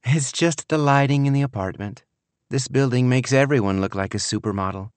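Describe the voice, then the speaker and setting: A man voicing a cheerful, affectionate young adult daughter, bright and breezy. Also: medium pitch, fairly quick, smooth, no room sound, pitched above the performer's own voice, close to an everyday voice.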